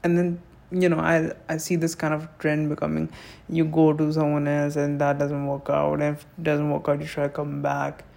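A man giving an intense, emotional monologue on love, swearing and swinging between hushed passages and shouting. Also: fairly high pitch, monotone, moderate pace, creaky. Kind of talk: impassioned spoken monologue.

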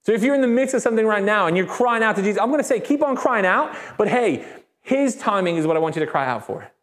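A man preaching a sermon in a lively, conversational way. He acts out quoted voices and calls on the congregation to answer him. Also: high voice, quick pace. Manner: asks the congregation for call-and-response. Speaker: pastor. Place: church service.

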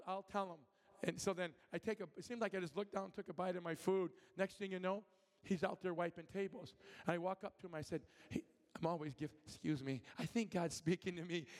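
A man from Michigan preaches in a church, his voice pitched a little high for a man. He tells stories animatedly, acts out every voice and often restarts his sentences. His words ring out with a long hall reverb. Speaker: guest preacher. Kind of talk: sermon with storytelling and prophetic ministry. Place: church sanctuary.

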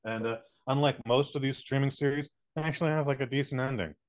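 A man's voice: mid-range voice, quick pace, no echo. A man co-hosting a podcast, chatting in a laid-back way, swearing and using plenty of fillers. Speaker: podcast co-host. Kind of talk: casual chat.

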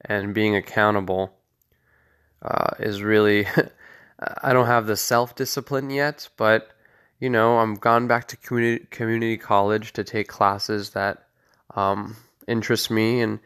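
A young man talking through a casual solo podcast, meandering and self-deprecating with plenty of filler. His voice is bright and forward, and he takes his time. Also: on the low side, smooth. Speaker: podcast host.

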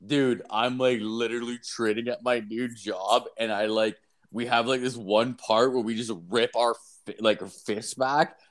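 A man's voice: medium pitch, steady tone, a little slow. A young man co-hosting a podcast in casual chat, telling crude stories with heavy swearing and filler words. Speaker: podcast co-host.

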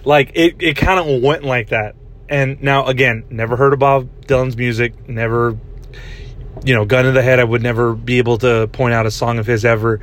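Young guy rambling through a story, laughs a lot, mid pitch, says dude constantly. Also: fairly even intonation, moderate pace, fairly bright tone. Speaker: podcast host. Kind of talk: casual storytelling chat.

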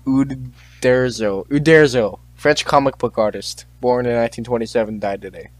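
A man's voice: mid-range voice, quick pace, dry recording. A teenage boy hosting a casual chat, reading out on-this-day facts, tripping over names and tossing in joking asides. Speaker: podcast host.

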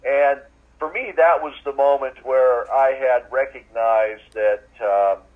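A man giving a personal faith testimony as an interviewee, talking in a halting way with many fillers and restarts. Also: medium pitch, narrow, tinny audio.

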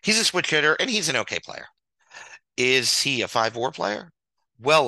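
Sharp, lively ranting man. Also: mid-range voice, moderate pace, creaky, long pauses, no echo, poor audio. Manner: exasperated, sarcastic, swears often, repeats words for emphasis. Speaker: streamer ranting about a baseball sim game. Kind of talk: comedic angry rant.

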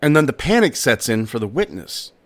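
A man's voice: mid-range voice, sing-song, brisk. A man hosting a strange-stories podcast, telling a tale in a casual way with personal asides. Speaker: podcast host. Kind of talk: casual storytelling narration.

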